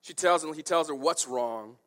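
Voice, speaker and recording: A man preaching an expository sermon in a conversational, animated way with quick asides. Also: fairly high pitch.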